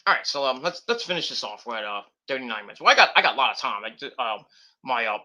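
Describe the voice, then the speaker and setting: A man's voice: medium pitch, big pitch swings, quick pace, sharp tone. A man hosting a casual wrestling predictions show, rambling off the cuff with cursing and mocking nicknames. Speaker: host.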